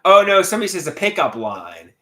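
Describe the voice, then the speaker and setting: Male streamer, casual, slightly high voice with a bouncy up-and-down delivery; lots of word repeats and restarts. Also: fairly quick. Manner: animated, repeats words and restarts often. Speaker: livestream host. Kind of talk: casual livestream chat, reading viewer comments aloud.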